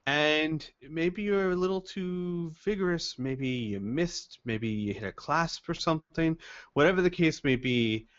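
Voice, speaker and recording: A man's voice: fairly high pitch, lively intonation, measured pace, a bit bright, muffled recording. A man running a tabletop game as game master, laying out scenes step by step. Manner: lays out scenes step by step, hesitant fillers.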